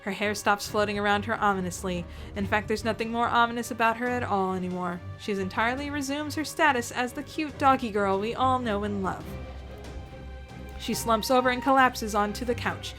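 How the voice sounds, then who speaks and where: A woman's voice: fairly high pitch, a little fast, fairly bright tone, soft background music. A woman reading a story aloud, theatrical and sarcastic, with asides to the listener. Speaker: reader reacting to fan fiction.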